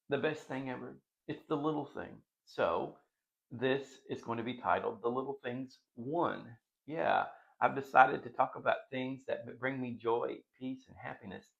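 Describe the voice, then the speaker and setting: Middle-aged male vlog host, gravelly voice, rambling and giggly, dull lo-fi home recording. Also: medium pitch, fairly bright tone. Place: dining room at home.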